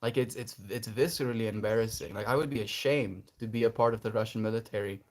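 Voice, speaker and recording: A man's voice: lowish voice, fast. Earnest, reflective male livestreamer. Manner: reflective, earnest, laughs often. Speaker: livestreamer reading chat. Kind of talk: casual livestream chat.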